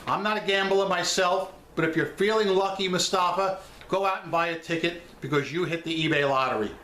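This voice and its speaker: A man's voice: high-pitched, fairly quick, pushed and bright, reverberant. New York man, emphatic seller chat. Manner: blunt, emphatic, talks straight to viewers. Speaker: online seller vlogger. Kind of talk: casual chat.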